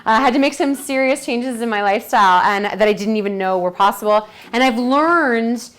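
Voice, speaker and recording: A woman's voice: on the high side, brisk, fairly bright tone. A woman presenting a detox program to a group, talking chattily and enthusiastically and acting out her own quotes.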